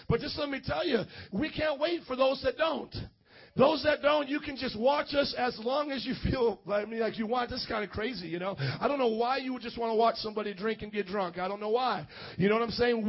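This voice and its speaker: High-voiced fervent shouting preacher. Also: male voice, breathy edge, muffled recording. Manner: fervent, swings between shouting and quiet, call-and-response. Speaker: pastor. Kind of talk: charismatic sermon.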